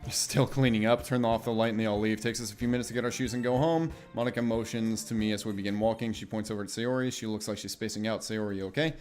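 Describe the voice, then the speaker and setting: A man's voice: on the low side, fairly even intonation, quick pace, hardly any pauses, a little mellow. Male streamer, casual reader of game text, swears, faint background music. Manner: casual, wry asides, swears. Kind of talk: reading a visual novel aloud with commentary.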